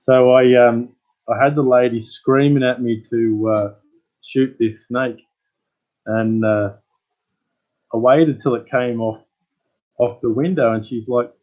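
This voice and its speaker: A man's voice: mid-range voice, fairly even intonation, a little slow, long pauses, phone-quality sound. An Australian man hosting his channel, chatting casually with live viewers as a rambling, laid-back storyteller. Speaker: channel host.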